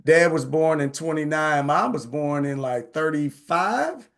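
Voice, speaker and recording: A man in his forties hosting a live online session, telling personal stories in a casual, animated way and often asking "right?". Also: fairly high pitch, a little slow. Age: 40s. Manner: animated, repeats phrases, says "right?" often. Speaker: host.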